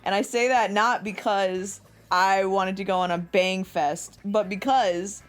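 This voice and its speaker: A woman's voice: mid-range voice, measured pace, soft background music. A young woman co-hosting a podcast, telling a long, profane, laugh-filled story in casual chat. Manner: animated, profane, laughs often while telling stories. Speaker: podcast co-host.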